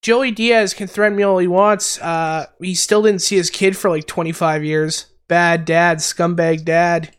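A man from Canada hosting a podcast in casual chat, high on mushrooms, rambling and giggling with slangy talk. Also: steady tone, a little slow, hardly any pauses, smooth. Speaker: podcast host.

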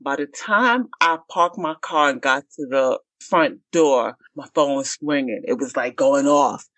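Animated woman telling a dramatic story. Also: extremely low pitch, measured pace, no room sound. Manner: animated, dramatic, acts out voices. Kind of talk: casual storytelling chat.

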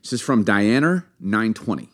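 A man's voice: fairly low pitch, expressive, moderate pace, fairly bright tone. A man co-hosting a casual podcast, joking around as he reads listener reviews aloud. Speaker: podcast co-host. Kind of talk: casual chat.

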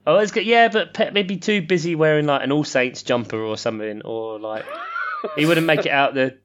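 A man's voice: fairly high pitch, brisk. A man hosting a casual, jokey chat and leading the questions. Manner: jokey, puts on voices. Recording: slightly dull lo-fi sound.

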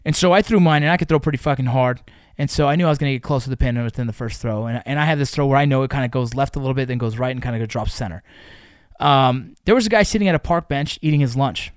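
Profane, animated male storyteller, dry sound. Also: mid-range voice, quick pace, smooth, no echo. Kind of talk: casual storytelling.

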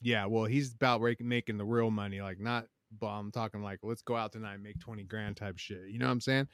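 A man telling stories in a casual chat, profane and animated, saying "bro" constantly. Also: on the low side, brisk, clear, resonant tone, dry recording, studio quality.

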